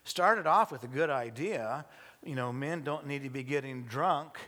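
A male pastor preaching to his congregation, halting with many restarts and light joking asides. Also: mid-range voice, sharp tone. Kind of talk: sermon. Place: church service before a congregation.

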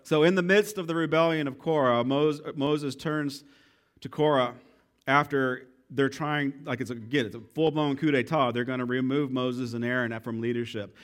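A man's voice: mid-range voice, moderate pace. A man preaching a sermon as pastor, joking and playful in his delivery. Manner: joking, playful, self-deprecating; animated, lively delivery.

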